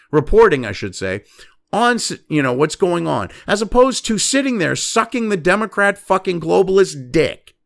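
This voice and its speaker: A man in his fifties hosts a political commentary show, delivering an angry, mocking, profane opinion rant with heavy swearing. His voice is high-pitched, creaky and a bit bright.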